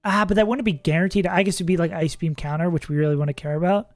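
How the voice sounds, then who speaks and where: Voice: mid-range voice, steady tone, fast, darkish tone, no echo, soft background music. A streamer casually talking through a game live, thinking aloud, laughing often and swearing now and then. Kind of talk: casual livestream commentary while playing.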